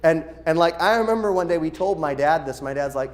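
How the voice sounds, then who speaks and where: At a church service, a middle-aged pastor addresses his congregation in a slightly raised, lively voice that sits on the high side. He directs the children's workers energetically, talking fast with hardly any pauses and acting out quoted voices along the way, all within the church sanctuary.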